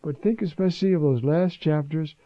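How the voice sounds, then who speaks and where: Animated male preacher, dull lo-fi sound. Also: a little high, fairly quick, dry recording. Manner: animated preaching with rhetorical questions and asides. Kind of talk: sermon. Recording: dull lo-fi recording.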